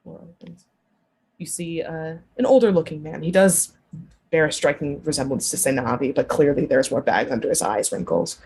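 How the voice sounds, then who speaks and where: A woman narrating a tabletop game as game master, animated and quick to shift into voices. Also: low-pitched, breathy edge.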